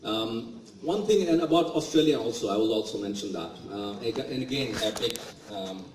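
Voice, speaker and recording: A man's voice: medium pitch, animated, moderate pace, background noise. A man in his forties with a Bangladeshi accent giving a motivational speech, telling stories and acting out what others said to him. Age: 40s. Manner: storytelling, acting out quoted remarks. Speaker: guest speaker. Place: large event hall. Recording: echoey hall, mic at a distance.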